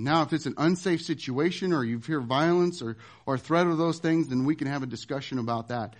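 Pastor guy preaching, high voice, goes loud then real quiet. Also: fairly quick, hardly any pauses. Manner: emphatic preaching, wide swings from loud to hushed. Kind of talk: sermon.

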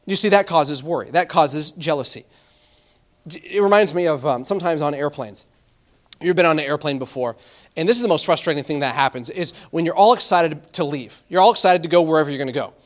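High-voiced man preaching a sermon. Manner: animated preaching, reads scripture slowly, repeats words. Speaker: pastor.

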